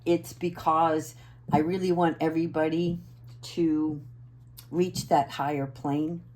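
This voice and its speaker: A woman giving a casual spiritual oracle card reading to her viewers, earnest and gentle, often checking in with "right?" and sometimes assertive. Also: low voice, little pitch movement, takes it slowly, noisy background.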